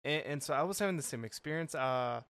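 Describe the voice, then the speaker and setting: A man telling a story on a podcast, halting and restarting, full of "like". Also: a little high, animated, a bit bright, no echo. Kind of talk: casual storytelling.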